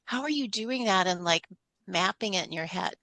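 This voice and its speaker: A woman's voice: medium pitch, animated, moderate pace, fairly bright tone, dry recording, poor audio. A woman co-hosting a podcast who asks eager, rambling questions, stacking them one after another. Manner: eager, piles up several questions at once. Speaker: podcast co-host. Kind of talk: casual interview chat.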